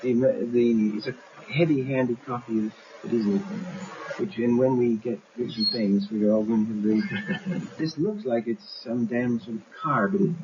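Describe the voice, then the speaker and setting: A man who works as an animator explains his film in a documentary, lively and acting out scenes as he goes. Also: medium pitch, moderate pace. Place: animation studio. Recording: dull 1970s documentary audio with faint hiss.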